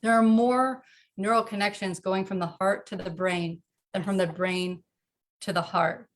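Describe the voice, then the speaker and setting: An earnest woman talks about parenting in a relaxed interview from her home. Her voice is mid-pitched and animated. She laughs easily and gets lively when she acts out little scenes. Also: measured pace. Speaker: podcast guest, author. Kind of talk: casual interview talk.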